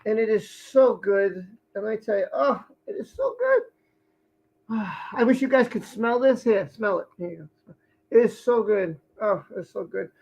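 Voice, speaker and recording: A man's voice: high-pitched, normal speed, creaky, darkish tone, slight background noise, low-quality recording. Guy rambling at home on a live stream, chatty, eating while he talks. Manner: rambling, chatty, and talking with food. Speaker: livestream host. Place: his home.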